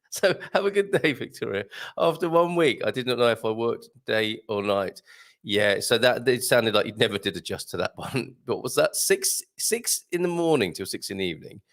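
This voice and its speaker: A man's voice: mid-range voice, fairly bright tone. A man hosting a live morning show, chatting casually and jokily through viewer comments with plenty of ums and laughs. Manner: chatty, jokey, laughs often, lots of ums. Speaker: host. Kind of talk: live-stream chat reading viewer comments.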